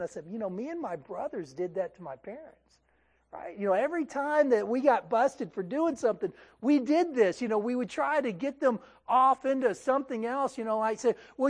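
Animated pastor preaching in a conversational way. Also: male voice, sits high. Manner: animated, conversational preaching with frequent "right?" checks and restarts. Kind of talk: sermon.

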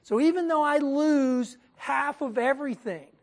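Brief lively woman teacher, casual Bible study, fairly high voice, talks right to the group. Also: a little slow. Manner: animated, talks straight to her group, acts out quotes.

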